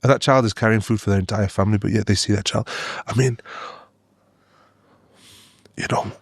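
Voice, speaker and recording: A man from Australia and the UK talks as a doctor guest on an interview show. He keeps his voice low and flat, telling his stories earnestly. He often restarts and leans on "you know," and the sound is dry and close. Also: brisk, husky, no echo. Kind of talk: interview storytelling.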